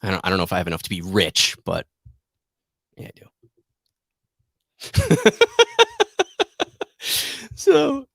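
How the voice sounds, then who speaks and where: A man's voice: sits low, huge pitch swings, takes it slowly, gravelly, long pauses, a bit bright, no echo, studio quality. A man hosting a trading show, giving rambling, self-deprecating market commentary that keeps turning into a rant.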